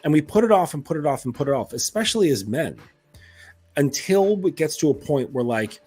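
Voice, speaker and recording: A man in the role of a self-improvement coach talks straight at his listeners in a loose, rambling monologue, full of fillers and curse words. His voice is husky and sits at a middle pitch. Faint music plays softly behind him. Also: big pitch swings, moderate pace. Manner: blunt and profane, lots of fillers. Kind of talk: casual monologue.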